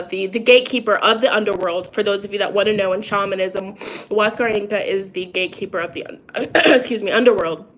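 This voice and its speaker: A woman's voice: medium pitch, a bit bright, slight background noise. A young woman vlogging to her viewers in a candid, rambling way, full of fillers and laughs. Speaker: psychic and tarot reader vlogging. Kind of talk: casual personal chat to viewers.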